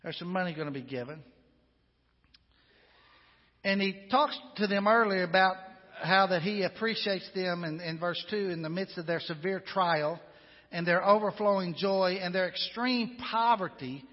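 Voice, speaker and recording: A man's voice: sits high, moderate pace. A man preaching a sermon to his church in an earnest, emphatic way, often repeating words as he presses a point. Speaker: pastor. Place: church sanctuary. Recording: dull sound with long hall reverb.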